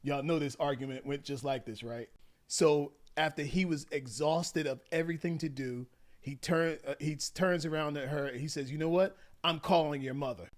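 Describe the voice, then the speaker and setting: A man's voice: fairly high pitch, normal speed. A man giving relationship advice to viewers, retelling a story animatedly and acting out the quotes. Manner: animated, acts out quotes, addresses viewers as y'all. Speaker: relationship coach. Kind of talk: commentary vlog.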